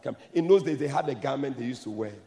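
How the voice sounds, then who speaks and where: A man preaching a sermon emphatically, moving from soft explanation to shouted blessings. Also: medium pitch, fast talker, vocal fry, long reverb tail.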